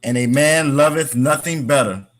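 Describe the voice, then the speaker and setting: A man in a class reading scripture verses aloud in a plain, measured way. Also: fairly high pitch.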